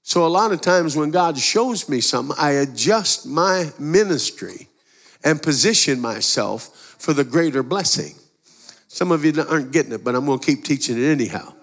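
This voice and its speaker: A man's voice: fairly high pitch, expressive, normal speed, fairly bright tone. A male preacher giving a sermon in a folksy, conversational way, telling stories and voicing the people in them. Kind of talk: sermon with storytelling. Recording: long hall reverb.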